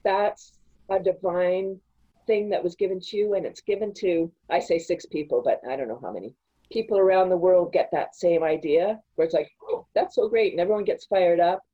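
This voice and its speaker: A woman guest on a podcast, chatting casually and telling animated stories, often breaking into laughter. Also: on the low side, normal speed, slightly rough, dull audio. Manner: animated storytelling with frequent laughs. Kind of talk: casual interview chat.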